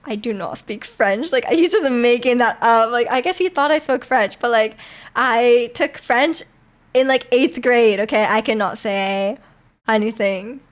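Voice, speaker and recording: A woman's voice: on the high side, measured pace. A young woman from Canada chatting casually with viewers on a live stream, rambling with lots of fillers and laughs.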